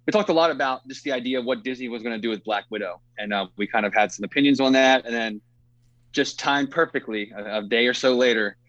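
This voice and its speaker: A man's voice: medium pitch, fast, a bit bright, no room sound, dull audio. A man hosting a casual movie podcast, rambling with lots of fillers and easy laughs. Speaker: podcast host.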